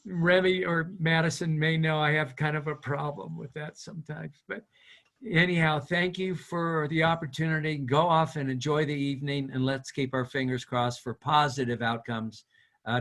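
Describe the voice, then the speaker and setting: A man's voice: on the high side, level tone, normal speed, creaky, fairly bright tone. An older man, a retired professor, giving an earnest, exhorting talk over a video call. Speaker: guest speaker, retired professor.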